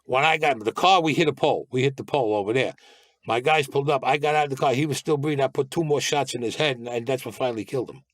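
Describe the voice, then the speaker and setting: Speaking quickly in a medium-pitched, fairly bright voice, an interviewed guest tells blunt, profane stories about his past crimes and acts out the words of those involved. The recording is dry and of studio quality.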